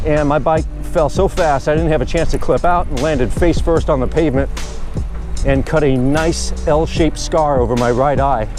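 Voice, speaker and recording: A man chatting casually and rambling good-humoredly while riding his bike outdoors. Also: mid-range voice. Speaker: vlogger. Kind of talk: casual narration while cycling.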